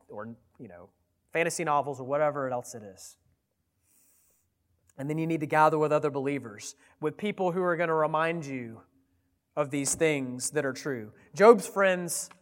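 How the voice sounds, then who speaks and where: A man with a fairly high voice preaches a sermon in an earnest, steady way that builds to emphatic appeals. His voice rings out with a long reverb trailing behind it, as in a large church sanctuary. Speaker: pastor.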